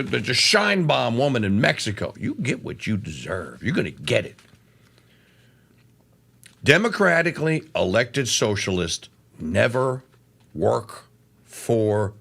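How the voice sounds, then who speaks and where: A talk radio host from Louisiana rants through a heated political monologue. His voice is gravelly and bright, and his pitch leaps about with lively swings. He drops to muttering asides, then climbs to shouting.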